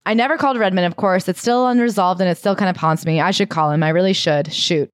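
A woman's voice: fairly low pitch, no room sound, clean studio sound. A woman co-hosting a comedy podcast, recapping a book in a sarcastic, casual way. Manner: sarcastic, quick reading of quotes. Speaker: podcast co-host.

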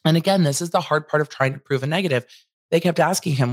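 A woman's voice: sits low, quick pace, dry recording, studio quality. A woman hosting casual legal commentary, chatting through testimony and paraphrasing witnesses with asides.

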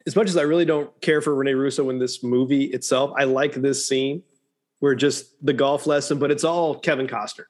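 A man's voice: mid-range voice, steady tone, moderate pace, a little mellow. A man co-hosting a podcast, talking casually about a movie, laughing often and restarting his sentences. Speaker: podcast co-host.

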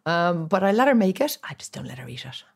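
A woman in her forties with a low, gravelly voice and a lot of fry. She talks in a casual, animated way and acts out other people's voices to get a laugh. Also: quick pace. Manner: animated storyteller, acts out voices for comic effect. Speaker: guest. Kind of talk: casual chat.

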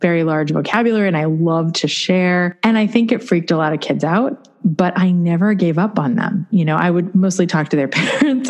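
A middle-aged woman from New York, a podcaster, telling a personal story in a chatty, expressive way. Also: deep voice. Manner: chatty, expressive, acts out quoted voices.

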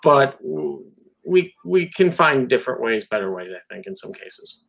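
A man with a gravelly voice speaks in a casual podcast chat. His pitch moves a lot as he talks. He sounds earnest, like he is offering advice. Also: very animated, normal speed, fairly bright tone, poor audio. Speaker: podcast co-host.

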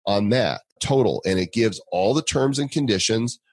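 Deep-voiced male podcast co-host, dry sound. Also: normal speed, breathy edge, dry recording. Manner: relaxed, chatty, with fillers. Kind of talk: casual podcast chat.

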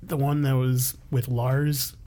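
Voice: mid-range voice, level tone, slow pace, mellow. A playful player in a tabletop game who laughs easily. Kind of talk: casual tabletop play.

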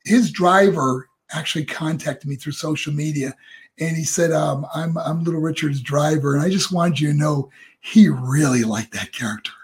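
An older man, a former wrestler, telling stories in a relaxed chat, animated and laughing as he acts out other people's voices. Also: on the high side, normal speed. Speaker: guest, former pro wrestler. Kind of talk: casual storytelling.

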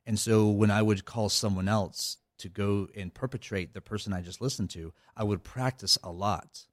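A man speaks as an interview guest in a low, deep voice. He rambles, restarting phrases and leaning on fillers. The sound is dry and close. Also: fairly even intonation, normal speed, dry recording. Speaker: cybersecurity guest. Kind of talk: casual interview talk.

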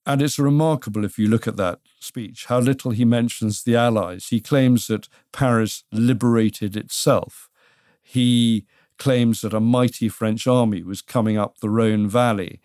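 A man's voice: medium pitch, steady tone, a little slow, darkish tone, no room sound. Wry British man on a dry mic. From Britain. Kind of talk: casual history podcast chat.

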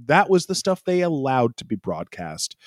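A man co-hosting a casual podcast chat, expressive and quick to imitate the radio messages he heard. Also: mid-range voice, no echo, studio quality. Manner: lively, expressive, mimics radio calls. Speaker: podcast co-host.

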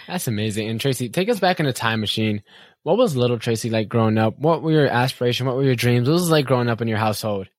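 A man's voice: mid-range voice, expressive, fast, no room sound, studio quality. A man hosting a podcast interview, encouraging his guest and asking several questions in a row. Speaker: podcast host.

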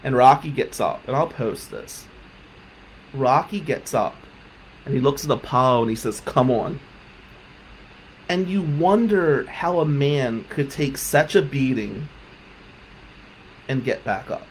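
A man telling a personal story on his podcast, heartfelt, moving between loud emphasis and quiet reflection. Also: medium pitch, lively intonation, a little slow, a little hiss or hum, poor audio. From South Jersey. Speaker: podcast host.

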